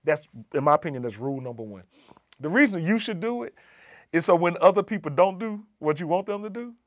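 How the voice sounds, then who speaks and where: A man's voice: fairly high pitch, lively intonation, a little fast, no echo, clean studio sound. Earnest man telling a personal story. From Southern United States. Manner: earnest, emphatic, repeats key phrases. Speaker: assistant dean of community and inclusion.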